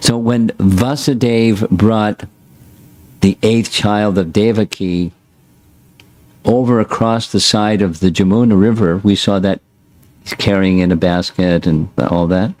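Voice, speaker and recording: A man's voice: on the low side, fairly even intonation, unhurried, darkish tone, no room sound. A man teaching a scripture class, reading a passage aloud and breaking in with short plain asides. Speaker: spiritual teacher.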